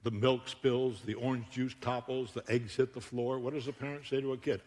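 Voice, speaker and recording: A man preaching a sermon in a humorous, animated, conversational way, recorded with long hall reverb in a church auditorium. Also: medium pitch, brisk, few pauses. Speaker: guest preacher.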